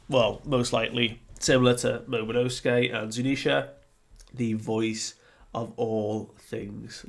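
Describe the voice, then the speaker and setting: A laid-back man talks through a comic chapter slowly and deliberately, his voice carrying a gravelly, creaky texture. He laughs often and slips into playful acted-out scenes while keeping a relaxed, conversational flow. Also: mid-range voice. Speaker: comic review host. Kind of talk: casual comic book review.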